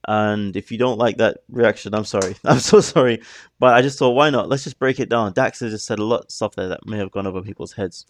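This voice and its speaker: A man's voice: fairly low pitch, fast talker, hardly any pauses. A man giving casual reaction commentary on a music video, musing in a stop-start way with apologetic asides.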